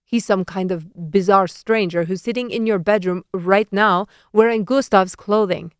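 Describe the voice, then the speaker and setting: A woman's voice: medium pitch, normal speed, clear, resonant tone, dry recording, studio quality, close to an everyday voice. A woman doing a flustered, defensive father. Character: worried, flustered middle-aged father and trainer.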